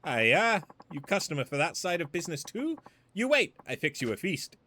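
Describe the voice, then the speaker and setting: A bossy, brisk shopkeeper woman with a put-on Chinese accent, as a man reads her game lines. Her voice sits well above his own and rings loud and pushy, in short clipped broken English. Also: fairly high pitch, sing-song, pitched above the performer's own voice, exaggerated voice. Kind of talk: reading game dialogue aloud.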